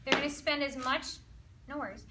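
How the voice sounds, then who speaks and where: A high-pitched woman leads an ayurveda and yoga workshop in a room with participants and a noisy background. She guides slow breathing softly and slowly, then chats with her group in a lively, laughing way.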